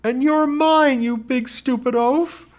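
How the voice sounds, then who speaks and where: A man's voice: fairly high pitch, lively intonation, normal speed, lo-fi sound, voice pushed up, natural voice. A man reading aloud who voices a frightened but defiant teenage girl in a pleading, emotional way. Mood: fierce.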